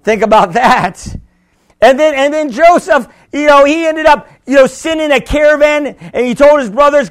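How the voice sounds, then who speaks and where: A man preaching a sermon as pastor, with sudden shouts and many repeated words. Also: very high voice, unhurried.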